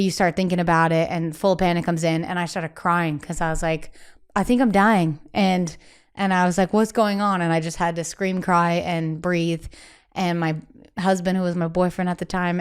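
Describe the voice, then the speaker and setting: A woman singer talking candidly as a guest in a casual interview, chatty and animated, acting out the voices of people she quotes and filling her speech with "like". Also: on the low side, smooth.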